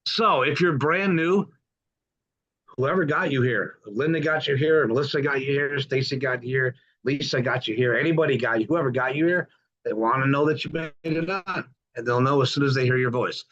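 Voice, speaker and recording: A man's voice: mid-range voice, normal speed, a bit bright. A middle-aged man hosting a podcast on a group video call, upbeat and folksy, welcoming newcomers over and over. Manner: enthusiastic, folksy, repeats welcomes. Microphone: computer mic on a video call. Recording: dull lo-fi call audio.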